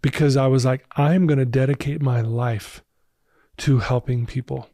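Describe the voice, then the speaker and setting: Man, 50s, earnest storyteller on a podcast, mid pitch, dry close sound. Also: steady tone, moderate pace, mellow, no room sound. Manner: earnest, emotional personal storytelling. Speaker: podcast guest, recovery speaker.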